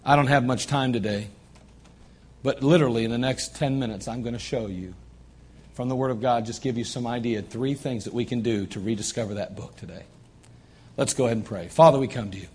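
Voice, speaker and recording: A man's voice: medium pitch, brisk, darkish tone, breathy edge. A man preaching a sermon as pastor in a church, emphatic and repeating his phrases for stress. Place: church sanctuary.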